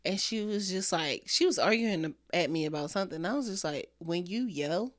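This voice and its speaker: A young woman co-hosting a podcast, telling stories in a calm, soft-spoken casual chat. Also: on the low side, a little fast. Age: young adult. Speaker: podcast co-host.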